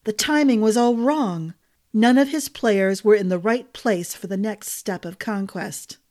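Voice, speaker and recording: A woman with a medium-pitched, slightly mellow voice reads a fantasy novel for a storytelling podcast, her delivery measured and dramatic.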